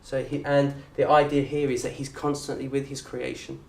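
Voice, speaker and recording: A man with a southern English accent teaching an Arabic course in a lecture room. He talks in a lively way, quizzes the audience and acts out little scenes. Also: mid-range voice, normal speed, creaky, slight background noise. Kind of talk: lecture to an open day audience. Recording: roomy echo from a distant mic.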